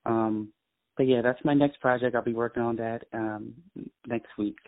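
A man's voice: medium pitch, steady tone, normal speed. Man, musician guest, eager, ums, mid voice, tinny phone line. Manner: eager, fillers. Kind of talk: casual interview over the phone.

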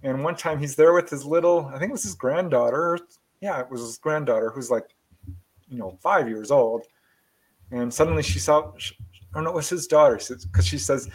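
A man's voice: fairly high pitch, fairly quick, husky, low-quality recording. A man hosting an online talk show, retelling a story with enthusiasm. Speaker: host. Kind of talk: casual interview chat.

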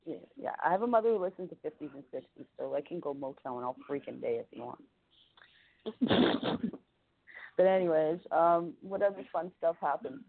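A co-host chiming in on a casual talk show with playful, quick quips. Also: medium pitch, expressive, creaky, dry recording. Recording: tinny phone-line audio, set back from the mic.

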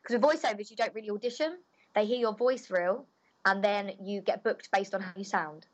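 A woman's voice: mid-range voice, fairly even intonation, a little fast, highs cut off. A cheerful young woman, a voice actor answering interview questions in a chatty, bubbly way.

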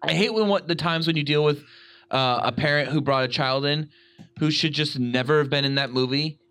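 A man's voice: on the high side, a little fast, fairly bright tone, smooth. A man co-hosting a podcast in casual chat, ranting and swearing as he acts out other people. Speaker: podcast co-host.

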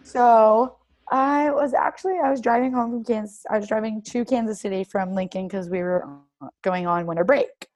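Young female athlete guest, casual and lively storyteller, acts out quoted lines in her own voice. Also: a little high, normal speed. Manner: animated, heavy use of "like", acts out quoted dialogue. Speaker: guest, professional soccer player.

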